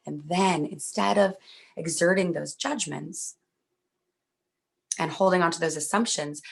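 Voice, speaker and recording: Gravelly-voiced woman speaking gently. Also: low-pitched. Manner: gentle, earnest, reassuring. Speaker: workshop speaker. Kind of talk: talk at a virtual event.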